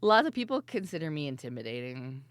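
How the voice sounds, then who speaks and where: A woman streamer telling stories in casual chat, her voice worn and hoarse, laughing often and swearing freely. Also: low voice, sing-song, fast, no echo. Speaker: VTuber streamer.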